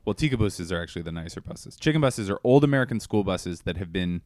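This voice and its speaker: A man co-hosting a podcast in casual chat, telling stories animatedly with sudden loud bursts. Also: low-pitched, expressive, quick pace, no room sound, clean studio sound. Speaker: podcast co-host.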